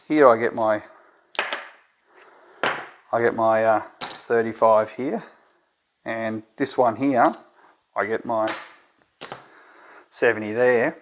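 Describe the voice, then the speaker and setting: A man's voice: mid-range voice, slight background noise. A man with an Australian accent, hosting a tabletop game tutorial and thinking aloud, often checking in with "right?". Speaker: gambling strategy presenter.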